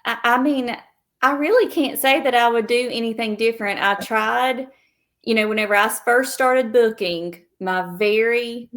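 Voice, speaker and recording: A woman's voice: fairly high pitch, normal speed, a bit bright. A woman with a Southern US accent, a travel agent guest in a casual interview, speaking modestly and plainly and drifting into tangents.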